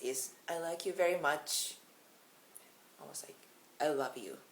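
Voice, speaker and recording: Japanese woman w/ japanese accent, low voice, chatty giggly teacher vibe. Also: low-quality recording. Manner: chatty, giggly, self-deprecating. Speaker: language teacher. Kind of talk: casual video lesson.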